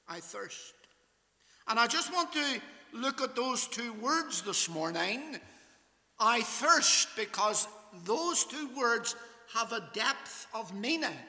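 A man preaching a sermon in a measured way, quoting scripture in King James wording. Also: sits high, sharp tone, big-room sound. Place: church.

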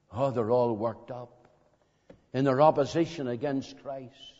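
A man preaching an evangelistic sermon in a meeting hall, slow and dramatic, pressing his listeners with emphatic questions. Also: medium pitch, fairly even intonation, darkish tone. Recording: dull lo-fi recording in a reverberant hall.

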